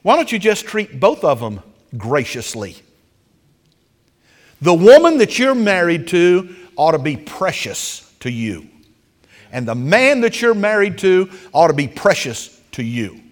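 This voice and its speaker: A man preaching a sermon as a pastor, telling stories dramatically and with lively animation. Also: sits high, unhurried, long reverb tail.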